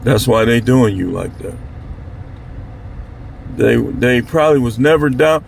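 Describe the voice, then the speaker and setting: A Milwaukee, Wisconsin man hosts his own channel, speaking directly to viewers in a blunt, slangy, fired-up monologue. His mid-range voice has lively intonation, a creaky edge, and a slightly slow pace. There's a faint hiss or hum in the recording.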